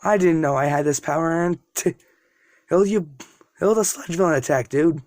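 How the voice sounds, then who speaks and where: A man voicing a calm, confident teenage boy hero who speaks matter-of-factly. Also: fairly high pitch, moderate pace, no room sound, clean studio sound, lightly acted. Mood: explaining.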